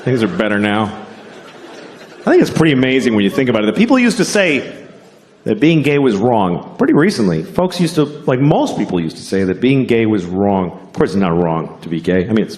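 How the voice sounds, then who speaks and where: Deadpan stand-up comic man. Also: lowish voice, normal speed. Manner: deadpan, acts out voices in quotes. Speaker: stand-up comedian. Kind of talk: stand-up comedy set. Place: theater stage before a live audience. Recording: live show with crowd noise and laughter.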